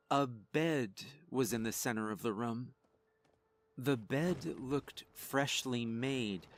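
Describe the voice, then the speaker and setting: Male horror narrator, slow and ominous, measured scripted delivery, faint music underneath. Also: medium pitch.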